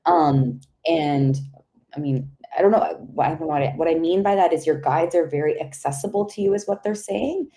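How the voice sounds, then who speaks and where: Low mellow-voiced woman reading tarot. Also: rough recording. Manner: rambling, searching, sudden excited outbursts, swears. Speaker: tarot reader. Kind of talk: live intuitive tarot reading.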